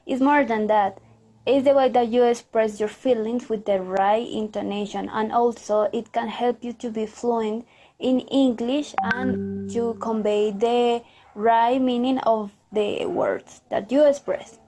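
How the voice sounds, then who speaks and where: A woman's voice: a little high, fairly even intonation, a little slow, mellow. A woman student presenting on intonation in class, carefully repeating her example sentences.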